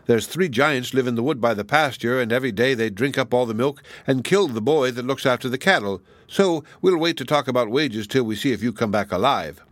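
Guy doing an old gentleman farmer, puzzled and mild, lively voice. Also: medium pitch, brisk, hardly any pauses, dry recording, close to an everyday voice. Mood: matter-of-fact. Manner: wondering, mild questions.

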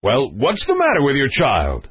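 Self-satisfied storybook king, voiced by a male reader, blustering and argumentative, husky and dry. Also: medium pitch, huge pitch swings, moderate pace, dry recording, exaggerated voice. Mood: impatient. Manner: exclaiming, argumentative. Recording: dull lo-fi recording.

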